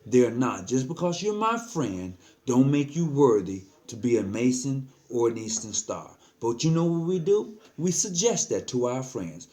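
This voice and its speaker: A man's voice: medium pitch, warm tone. An earnest man talking casually to the camera, giving frank advice as a lodge member, often repeating himself and slipping into slang.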